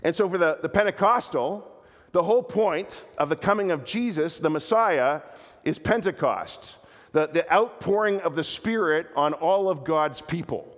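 A male pastor delivers a sermon in an earnest, animated way, repeating words as he restarts his phrases. His voice sits fairly high. Long reverb from the hall trails each phrase. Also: normal speed.

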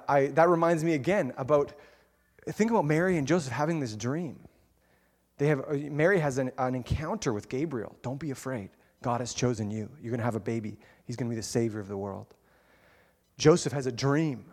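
A man preaches with a high, light voice that carries through a hall with long reverb. He tells his story playfully and with animation, breaking into laughter as he goes. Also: a little mellow. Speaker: pastor. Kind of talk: sermon.

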